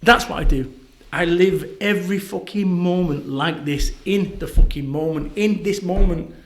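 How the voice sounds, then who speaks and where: A middle-aged man with a Northern English accent, a podcast guest telling stories in a blunt, swearing, animated way. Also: high-pitched, normal speed. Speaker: podcast guest, motivational speaker. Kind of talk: casual conversational interview.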